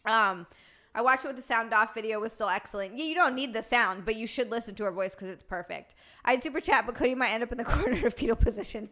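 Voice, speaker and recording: A woman's voice: fairly high pitch, fast, fairly bright tone. A woman streamer chatting casually with her live chat, bubbly and rambling, reading messages aloud.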